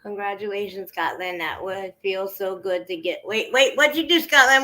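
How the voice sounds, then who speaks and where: A woman's voice: mid-range voice, moderate pace, sharp tone, reverberant. A woman hosting a casual livestream from her home, chatting loosely and cursing now and then. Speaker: livestream host. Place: at home indoors.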